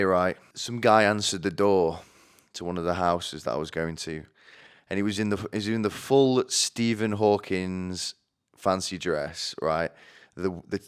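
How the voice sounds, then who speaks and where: A man's voice: lowish voice, clean tone. A young man from Sheffield with a light Yorkshire accent, telling wry, self-mocking comic stories to viewers. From Sheffield, England. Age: young adult. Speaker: podcast host. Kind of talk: comic monologue.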